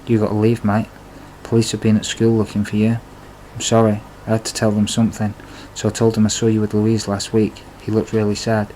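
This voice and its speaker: A man's voice: on the low side, completely flat delivery, fairly quick, hardly any pauses, dark tone, slight background noise, lightly acted, poor audio. A man reading the lines of a blunt teenage boy giving urgent warnings.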